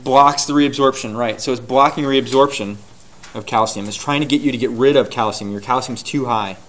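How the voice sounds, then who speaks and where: Guy teaching a class, keeps throwing questions at students, medium pitch, bit of hiss. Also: fairly bright tone. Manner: quizzing students with quick questions. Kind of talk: classroom lecture.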